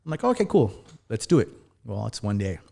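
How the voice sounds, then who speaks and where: A man's voice: fairly low pitch, wildly swooping pitch, a little fast, gravelly, darkish tone. A man in his thirties, a firefighter and podcast guest, telling his story casually, acting out quoted dialogue and swearing now and then. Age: 30s.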